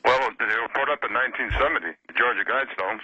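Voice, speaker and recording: A man calling in to a radio show, speaking in a halting, hesitant way with many fillers. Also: mid-range voice, sharp tone, slightly rough, no echo. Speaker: radio caller. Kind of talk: call-in conversation. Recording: dull phone line.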